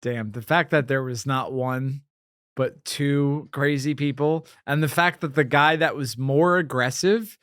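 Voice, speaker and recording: A man's voice: medium pitch, a little slow, a bit bright, clean tone, no echo, clean studio sound. A man co-hosting a casual podcast, mostly giving short replies and the odd wry joke. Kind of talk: casual chat.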